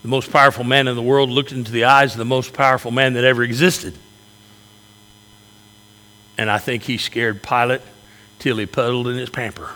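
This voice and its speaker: Forceful folksy preacher man, echoing hall. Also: mid-range voice, flat delivery, normal speed, long pauses. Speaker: pastor. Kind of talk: sermon. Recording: echoey hall reverb.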